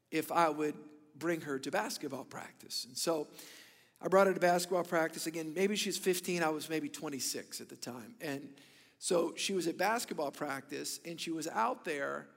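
A man in his thirties preaching a sermon, telling stories with bursts of loud emphasis and hushed, whispered asides. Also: a little high, normal speed, gravelly, long reverb tail. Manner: animated storytelling, swings between loud emphasis and hushed whispers. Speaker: pastor.

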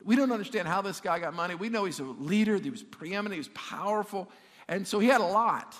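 Male pastor, sermon delivery, high voice, emphatic restarts, light humor, church hall echo. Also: lively intonation, fast talker, a bit bright. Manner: emphatic, repeats words while building up, jokes with the crowd. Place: church sanctuary. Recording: long reverb of a church hall.

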